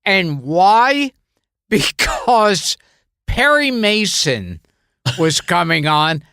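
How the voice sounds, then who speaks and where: A man's voice: sits high, sing-song, extremely slow, gravelly, bright, forceful tone, clear, resonant tone, no echo, studio quality. An older man co-hosting a podcast, telling stories in casual chat and laughing often. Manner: storytelling with frequent laughs. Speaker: podcast co-host.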